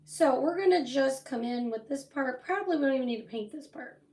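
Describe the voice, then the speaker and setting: A woman's voice: sits high, expressive, brisk, a little mellow, recorded from a distance. A woman hosting a casual crafting livestream, telling a rambling story with lots of asides while she paints. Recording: roomy echo, voice set back from the mic.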